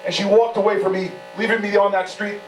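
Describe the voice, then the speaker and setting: The speaker is a political candidate rallying supporters indoors, his high-pitched voice fast and fairly flat in pitch. He tells stories driven by impassioned, recurring rhetorical phrases. Slight background noise accompanies an echoey, distant, humming recording.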